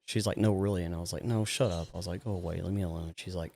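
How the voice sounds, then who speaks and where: Deep-voiced Texan man telling stories. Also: rapid-fire, vocal fry, a little hiss or hum. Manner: laughing, animated storytelling with acted quotes. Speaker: police officer guest. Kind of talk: casual storytelling interview.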